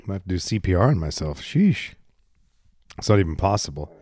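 A man with a low, slightly congested voice hosts a casual solo podcast from his garage. He rambles candidly and pokes fun at himself, holding the microphone close in his hand. The sound is close and dry, with no room around it. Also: racing, a little mellow, no echo. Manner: rambling, candid and self-deprecating. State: congested, coughing and burping. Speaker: podcast host. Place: home garage. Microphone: handheld microphone.

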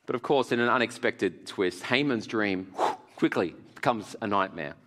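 A male pastor preaching a sermon to a live audience in an animated, joking way, laughing often. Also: fairly low pitch, normal speed. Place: large hall with audience. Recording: long hall reverb.

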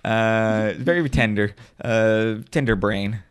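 A man game master narrating a tabletop game in a slow, descriptive way with pauses. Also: on the low side, clean tone, dry recording, clean studio sound.

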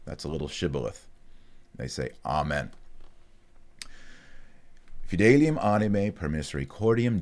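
A man with a very low, deep voice leads a relaxed video lesson on Latin prayers. He sounds out each word slowly and carefully, then drops into easygoing, chatty explanations. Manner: slow, careful enunciation of Latin words, chatty asides. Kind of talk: casual online lesson, reading and explaining prayers.

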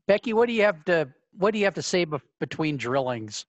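A woman game master who narrates a tabletop game in a relaxed, halting way. Her voice sounds dry and close to the mic. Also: on the low side, no echo.

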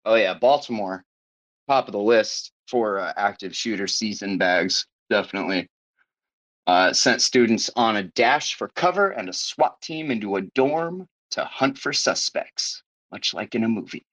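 A man's voice: on the low side, measured pace, fairly bright tone. A man hosting a podcast in casual chat, sarcastic and profane, riffing loosely as he reads news aloud. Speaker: podcast host. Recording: dull lo-fi podcast audio.

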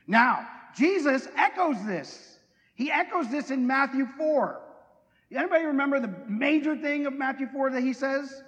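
A man's voice: extremely high pitch, animated, normal speed, fairly bright tone. A middle-aged man preaching a sermon in a conversational, joking way, putting questions to his congregation. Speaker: pastor. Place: church hall. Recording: long hall reverb.

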